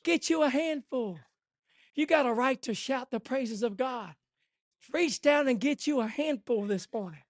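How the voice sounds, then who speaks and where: A man preaching a fervent sermon, swinging from hushed lines to shouting. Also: extremely high pitch, lively intonation, unhurried, no echo, clean studio sound.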